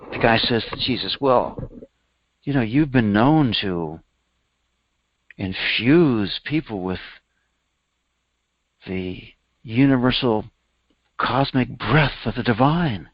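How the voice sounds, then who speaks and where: A man's voice: takes it slowly, pauses often, no echo. Man telling a parable, dull lo-fi sound. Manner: animated storyteller, voicing characters with raised pitch. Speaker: spiritual teacher. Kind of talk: storytelling sermon.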